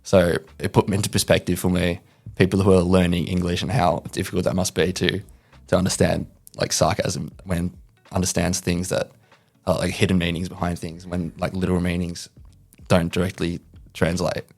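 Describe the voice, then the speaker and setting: A man's voice: low voice, monotone, normal speed, a little mellow. A young Australian man, a podcast guest in a casual chat, talking in a laid-back way with lots of "like". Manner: laid-back, says "like" a lot.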